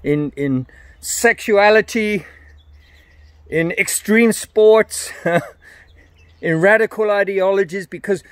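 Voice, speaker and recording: A man's voice: high voice, dry recording. An older man giving an earnest, emphatic evangelistic message to camera, often repeating his phrases.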